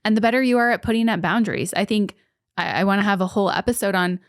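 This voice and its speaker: A woman's voice: mid-range voice, fast talker, no echo. Brief young woman, podcast co-host, earnest chatty storyteller, dry close sound. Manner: earnest, storytelling, frequent "like" fillers. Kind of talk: casual podcast chat.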